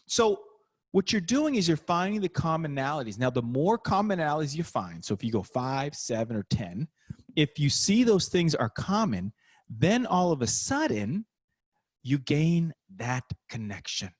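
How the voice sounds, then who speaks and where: An energetic middle-aged man talks over a video call, swinging his voice up and down all the time. He is a basketball coach giving a punchy motivational talk about networking. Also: fairly high pitch, moderate pace, husky.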